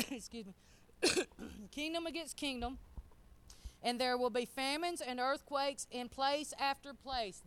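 A middle-aged woman preaching a sermon. She speaks in a folksy, emphatic way and swings between loud and soft. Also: on the high side, clear, resonant tone.

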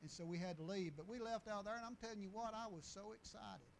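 High-voiced preacher man. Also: quick pace, creaky, a little hiss or hum, rough recording. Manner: folksy, rambling with restarts and chuckles. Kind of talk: storytelling sermon.

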